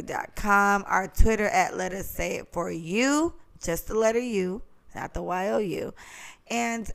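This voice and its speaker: A woman co-hosting a podcast in casual chat, animated and emotional, swearing freely as she tells stories. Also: mid-range voice, gravelly. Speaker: podcast co-host.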